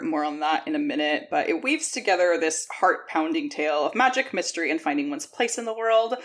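A woman with a slightly low voice, chatting on a podcast. She tells stories loosely and laughs often. English is her second language. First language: not English. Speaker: podcast co-host. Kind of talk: casual chat.

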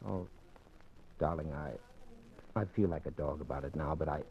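A man's voice: rumbling low, measured pace, slight background noise. A man playing a wealthy, courteous man under suspicion in 1940s radio acting, easygoing with hesitant restarts. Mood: tender. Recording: dull lo-fi old radio recording, faint music.

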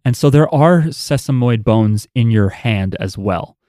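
A man's voice: mid-range voice, expressive, a little slow, warm tone, no room sound, studio quality. A man co-hosting a casual chat, explaining details in a loose, explanatory way. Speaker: podcast co-host.

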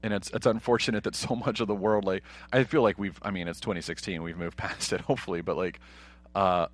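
A man with a fairly low voice chats casually while watching a film with friends. He rambles, circling back with lots of fillers as he talks. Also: steady tone, fairly quick. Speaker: podcast co-host. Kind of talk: casual movie watch-along chat.

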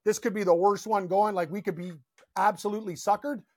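A man co-hosting a casual sports betting chat, excitable, laughing often and ranting in quick bursts. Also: sits high, no echo. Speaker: co-host.

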